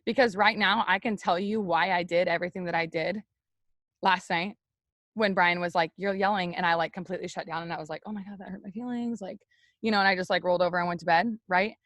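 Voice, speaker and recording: A young woman leading a team, giving a loud, energetic, chatty motivational talk straight to her viewers on a live stream. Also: lowish voice, fast talker, no echo. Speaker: network marketing team leader on a live stream.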